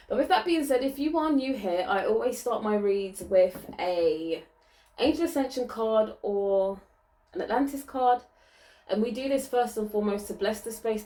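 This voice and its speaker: A woman talks through a spiritual card reading at a mid-range pitch, chatty and loose, with plenty of ums and restarts. Her voice bounces around a small echoey room. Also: a little mellow. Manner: chatty, many fillers and restarts. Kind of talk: casual card-reading vlog. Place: small indoor room with a vent.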